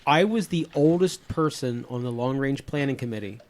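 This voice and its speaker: 50s guy hosting a podcast, rambly, lots of ums and restarts, mid-pitch. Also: lively intonation, normal speed, darkish tone, a little hiss or hum. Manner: rambling, many fillers and restarts. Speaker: podcast host. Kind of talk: casual chat.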